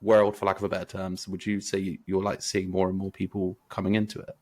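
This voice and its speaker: Easygoing guy co-host, about thirty, slightly low voice, halting and jokey. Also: completely flat delivery, a little mellow. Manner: laid-back, joking, halting restarts. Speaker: podcast co-host. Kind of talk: casual podcast chat.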